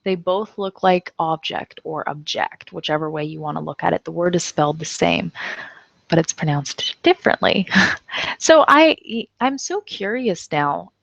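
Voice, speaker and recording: A woman's voice: low voice, vocal fry, no echo. Chatty woman teaching English, dull sound. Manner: chatty, laughs often, slow careful example sentences. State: tired, numb jaw from anesthesia. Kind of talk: casual online English lesson.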